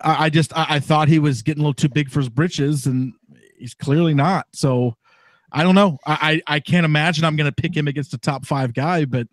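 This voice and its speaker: Man, fairly high voice, teasing co-host, dry close recording. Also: steady tone, fairly quick, no echo. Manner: teasing, laughs at the others. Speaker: podcast co-host. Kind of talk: casual chat about fighting sports.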